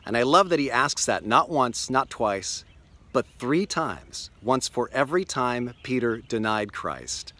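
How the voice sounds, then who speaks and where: Earnest pastor telling a story. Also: male voice, mid-range voice, expressive, sharp tone. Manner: earnest, storytelling, slows for emphasis. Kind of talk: daily video devotional. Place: outdoors on a lakeshore beach.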